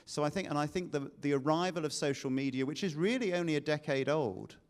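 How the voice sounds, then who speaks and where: A man on a discussion panel, arguing in a measured, reasoned way. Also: on the high side, darkish tone.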